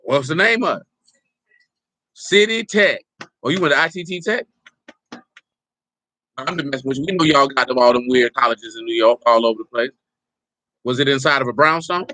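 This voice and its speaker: Bright-voiced man preaching to his flock. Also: medium pitch, moderate pace, long pauses, dry recording. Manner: teasing, banters with the congregation. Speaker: pastor. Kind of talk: informal teaching sermon.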